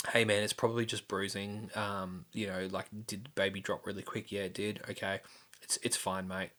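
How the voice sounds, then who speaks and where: Young man, podcast host, lowish pitch, bright forward tone, loose rambling storytelling with casual swearing. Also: little pitch movement, moderate pace. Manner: rambling, many restarts and fillers, swears casually.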